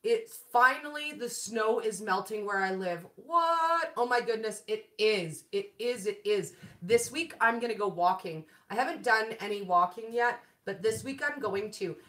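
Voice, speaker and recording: A woman's voice: mid-range voice, lively intonation, moderate pace, few pauses, sharp tone. A woman in her forties hosting a casual live-stream chat about keto food, bubbly and laughing often, greeting viewers by name. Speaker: keto food channel host. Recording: echoey room.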